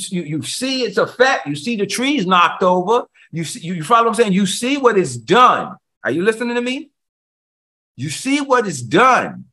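Fast, excitable preacher man. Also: sits high. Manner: excited, fast-talking, repeats words for emphasis. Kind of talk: energetic sermon.

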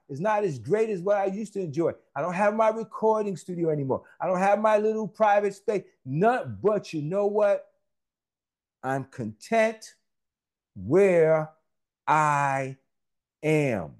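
A man with a notably high voice delivers a sermon. He builds fervor by repeating words again and again, then turns to chat casually with the people in the pews. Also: expressive, measured pace. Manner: emphatic, repetitive, rising into fervent repetition; conversational asides to the congregation. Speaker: preacher.

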